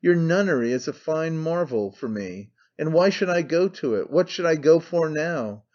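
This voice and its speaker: A man's voice: a little high, expressive, normal speed, a little mellow, dull audio, natural voice. A male audiobook reader voicing a troubled, half-mad woman who speaks anxiously and turns scornful. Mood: fearful. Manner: anxious, brooding, turning scornful.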